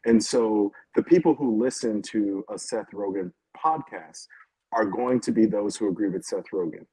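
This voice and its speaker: A man's voice: on the low side, normal speed, mellow, breathy edge, no room sound, low-quality recording. A man speaking on a video call from home in a casual panel discussion, hesitant and full of restarts. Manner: hesitant, many fillers and restarts, laughs between points. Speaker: panel guest.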